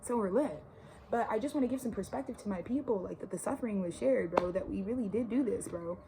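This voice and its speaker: She's a Texan vlogger in her twenties, ranting hard outside near a suburban yard in a laid-back spiritual monologue packed with slang and profanity. Her medium-pitched voice moves fast with vocal fry, and the background is noisy.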